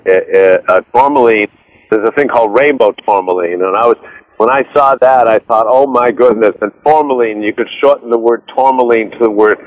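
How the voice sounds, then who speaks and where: A man guest on an interview, rambling and animated, with restarts as he tells stories. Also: fairly low pitch, muffled recording. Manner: rambling, animated storyteller with many restarts and laughs. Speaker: author and director, interview guest. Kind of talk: casual interview chat.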